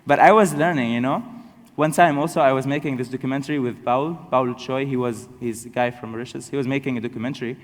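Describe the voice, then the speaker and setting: Young man, storytelling talk, halting self-corrections, wry humor; long reverb of a large hall. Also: mid-range voice, steady tone. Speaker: speaker telling his story to an audience.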